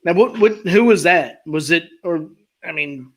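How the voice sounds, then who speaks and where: A man with a Maryland accent, hosting a casual podcast chat and telling stories with drawn-out pauses that trail off quietly. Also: fairly high pitch, animated, slightly rough, poor audio. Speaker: podcast host.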